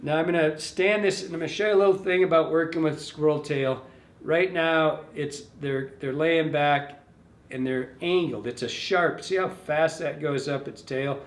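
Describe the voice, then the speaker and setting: A man teaching fly tying at his bench, speaking loosely and fixing his words as he goes. His voice sits a little high for a man. The room gives it a noticeable echo. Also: steady tone, moderate pace. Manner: loose, thinking aloud, self-correcting. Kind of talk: casual hands-on demonstration. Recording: echoey room.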